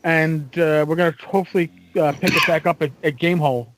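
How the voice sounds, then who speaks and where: A man's voice: a little high, noisy background. A man co-hosting a podcast, telling stories in casual chat with lots of fillers and restarts. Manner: animated storyteller, halting with fillers. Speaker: podcast co-host.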